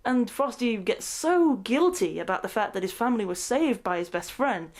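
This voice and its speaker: A woman recapping a movie in a rambling, excitable rant, often breaking into laughter mid-sentence. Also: a little high, moderate pace. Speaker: movie reviewer.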